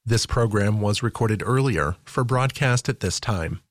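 A man making station announcements in a smooth, formal announcing voice. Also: on the low side, expressive, unhurried, no echo, studio quality. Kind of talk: station identification.

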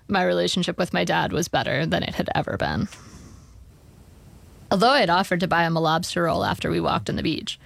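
A woman's voice: fairly low pitch, vocal fry, no room sound. A woman narrating a personal essay in a wry, dry storytelling manner. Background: soft guitar music.

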